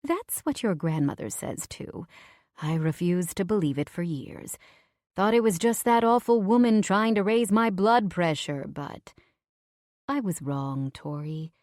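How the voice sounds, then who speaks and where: A woman's voice: lowish voice, expressive, measured pace, a little mellow, no room sound, studio quality. A woman reading a fond, theatrical mother. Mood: tender. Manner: fond, dramatic, endearments like darling. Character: doting theatrical middle-aged mother. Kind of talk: audiobook dialogue.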